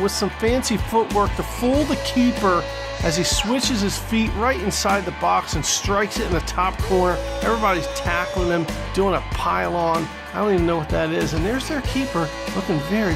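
A man giving jokey, excitable play-by-play commentary on a football video game, rising loud when the action heats up. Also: high voice, moderate pace, vocal fry, over music. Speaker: gaming channel host.

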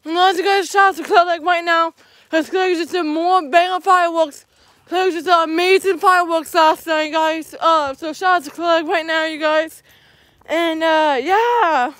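High-voiced, jittery woman vlogging on foot. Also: fairly even intonation, measured pace, fairly bright tone, no echo. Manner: jittery, rambling, repeats "you guys" often. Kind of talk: walking vlog talking to viewers. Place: outdoors, walking alone.

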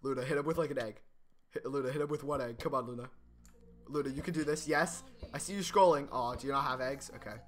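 A man streaming gameplay, chatting casually, getting excited and laughing often. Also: mid-range voice, quick pace, faint music behind. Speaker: gaming streamer. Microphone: desk microphone.

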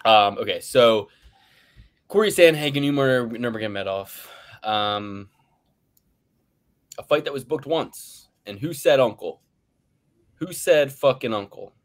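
A man co-hosting a podcast, ranting loudly and boastfully with big swings in pace and pitch and frequent laughter. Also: expressive, a little slow, long pauses. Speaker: podcast co-host. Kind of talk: profane ranting fight predictions.

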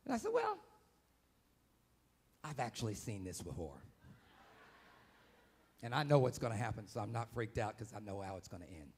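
A man preaching a live church sermon as pastor, dramatic and vocal, acting out scenes with sudden shouts. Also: lowish voice, huge pitch swings, normal speed, pauses often, husky. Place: church sanctuary, live service.

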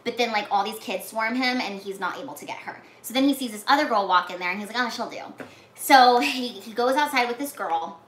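A woman casually retelling a movie plot, talking with lots of "like"s and acting out the characters' lines in whispers and shouts. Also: fairly high pitch, brisk, hardly any pauses. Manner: animated, many "like"s, acts out lines in whispers and shouts. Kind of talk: casual chat. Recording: echoey room with faint noise.

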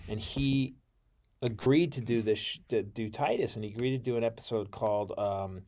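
A middle-aged male comedian telling a story as a podcast guest, profane, swinging between loud outbursts and low mutters. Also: moderate pace. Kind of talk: animated storytelling.

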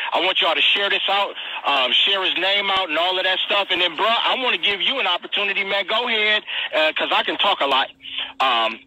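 Man, live stream host, energetic slangy hype talk, husky, bright, dry close sound. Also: high-pitched, dry recording, rough recording. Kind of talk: hyped casual live interview.

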